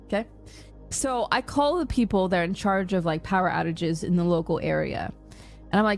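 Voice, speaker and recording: A woman's voice: medium pitch, brisk, creaky, soft background music. A young woman streamer telling a story to her chat in a casual, exasperated rant, acting out the other people's lines. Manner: exasperated, animated retelling with quoted dialogue.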